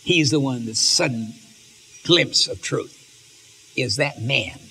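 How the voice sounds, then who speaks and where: A man voicing an older scholar speaking earnestly and quietly to a friend. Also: mid-range voice, slow pace, creaky, big-room sound, slight background noise, voice pushed down, full character voice, low-quality recording.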